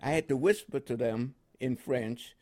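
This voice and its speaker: A man's voice: medium pitch, unhurried, darkish tone. An elderly man from Panama, a veteran telling stories in an interview, rambling with frequent "you know" and chuckles. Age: older. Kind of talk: storytelling interview.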